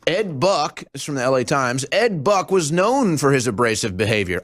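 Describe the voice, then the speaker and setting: A man's voice: medium pitch, very animated, moderate pace, no echo. Sarcastic talk show host, man. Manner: mocking, scornful, jumps between topics.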